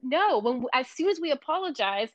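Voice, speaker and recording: A woman's voice: high voice, sing-song, normal speed, no room sound. Earnest 30s woman cohost, says like a lot, muffled dead-dry recording. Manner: earnest, emphatic, lots of "like". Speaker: podcast co-host. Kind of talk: casual chat. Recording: dull, dry lo-fi sound.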